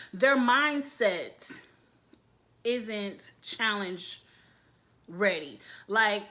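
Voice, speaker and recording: A woman's voice: mid-range voice, lively intonation, drawn-out words, pushed and bright. A woman giving blunt, candid, chatty commentary as a reality TV reviewer. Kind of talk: casual opinionated commentary.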